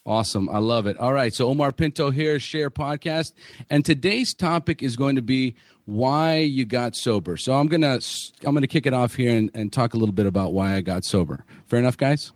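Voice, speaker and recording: A man's voice: medium pitch, brisk, no echo. Podcast man, candid and blunt, swears freely, dry close mic. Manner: candid, swearing, many fillers and restarts. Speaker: podcast host. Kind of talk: casual podcast story.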